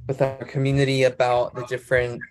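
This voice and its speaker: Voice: mid-range voice, monotone, a little fast. A host of an online open mic on a video call, enthusiastic and encouraging, with casual slang.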